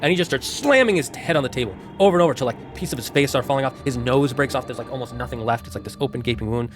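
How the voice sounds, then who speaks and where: A man giving an unscripted, rambling and animated retelling of a horror film. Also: mid-range voice, rapid-fire, faint music behind. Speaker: streamer.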